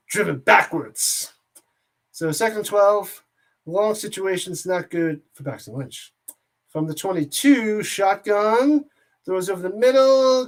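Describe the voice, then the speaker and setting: Jokey excitable man calling a game. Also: high-pitched. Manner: jokey and excitable, rambles between plays; shouts on big plays. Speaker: watch-party play-by-play host. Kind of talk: casual play-by-play commentary.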